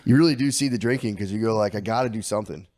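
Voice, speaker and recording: A man in his thirties co-hosting a podcast, chatting casually and telling animated stories, acting out his kids in high squeals. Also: very fast, no echo, studio quality. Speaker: podcast co-host. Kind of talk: casual chat.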